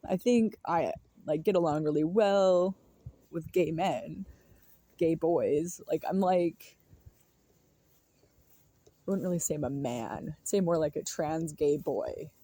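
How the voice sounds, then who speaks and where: Husky, low-key woman musing aloud. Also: takes it slowly, long pauses, mellow. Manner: musing, laughs often, trails off. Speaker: vlogger. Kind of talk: rambling casual monologue.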